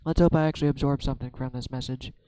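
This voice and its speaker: Man, tarot vlogger, soft dark tone, flat delivery, halting and self-searching, dry sound. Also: mid-range voice, clean tone, dry recording, poor audio. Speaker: tarot reader. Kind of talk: reflective solo tarot vlog.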